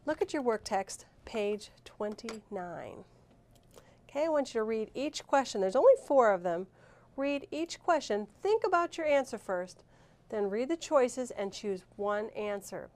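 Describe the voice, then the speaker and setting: A woman teacher gives a reading lesson in a clear, deliberate way, drawing out each word for the class. Her voice sits fairly high. She talks at an unhurried, slow pace. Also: animated, a little mellow. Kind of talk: recorded video reading lesson.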